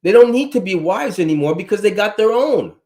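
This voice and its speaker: A man's voice: high voice, lively intonation, a little fast, darkish tone. A middle-aged man with a Trinidadian accent, speaking bluntly as a guest. He is opinionated and emphatic, and he talks in a loose, conversational way. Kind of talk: casual chat.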